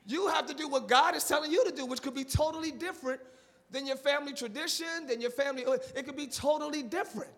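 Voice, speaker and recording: A male pastor preaching a live sermon, animated and repetitive, asking the congregation for responses and dropping into casual slang. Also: very high voice, fast talker. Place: church sanctuary. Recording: long reverb of a large church.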